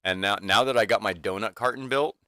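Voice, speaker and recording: A man's voice: lowish voice, a little fast, sharp tone, clean tone, dry recording, studio quality. A man in his fifties venting casually to his livestream chat in a rambling way, full of restarts and fillers, from a small home workshop room. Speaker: livestream host.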